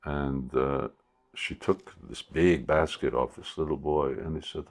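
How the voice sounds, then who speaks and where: A man telling a devotional story as a spiritual teacher in a sermon, unhurried and hesitant, with many pauses. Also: very deep voice, fairly even intonation.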